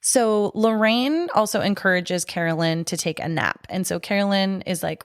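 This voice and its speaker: Female podcast co-host, lower register, dry studio sound, chatty recap delivery. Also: normal speed, dry recording. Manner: chatty storytelling with lots of "like". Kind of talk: casual chat recapping a horror film.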